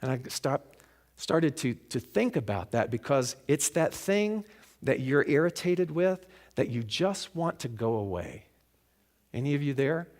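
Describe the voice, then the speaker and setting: A man at a middling pitch delivers a storytelling sermon to a congregation at a spiritual center. He is reflective, dropping to a near-hush on key lines and rising with emphasis when he wants to drive a point home. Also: very animated, unhurried. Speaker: guest speaker at a spiritual center.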